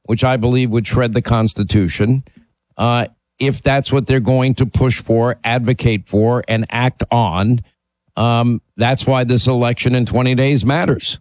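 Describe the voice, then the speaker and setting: A man's voice: mid-range voice, fairly even intonation, measured pace, a little mellow, no echo. A man hosting a call-in talk radio show, talking emphatically and opinionatedly, sometimes restarting his sentences.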